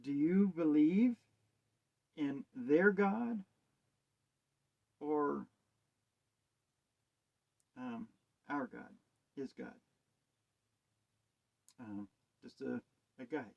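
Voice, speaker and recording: A man's voice: fairly high pitch, expressive, extremely slow, creaky, pauses often, a little mellow. A man giving a rambling, hesitant monologue on wordplay and scripture, asking musing rhetorical questions. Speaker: self-styled preacher. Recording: dull lo-fi sound.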